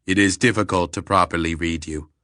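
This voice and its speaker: An ancient alien intelligence speaks slowly and clinically, weighing every word in a deep, bright-edged voice, as a male narrator puts it on. It sounds detached and literal-minded. The reading is dry and close. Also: steady tone, no room sound. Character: ancient calm alien planetary mind, sexless.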